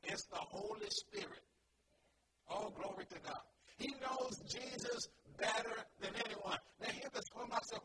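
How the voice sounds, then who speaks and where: A man's voice: high-pitched, steady tone, a little slow. A male preacher delivering a sermon, peppering his lines with amens and repeating phrases for emphasis. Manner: rhythmic, peppers lines with "amen" and "glory to God". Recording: distant mic with loud background noise.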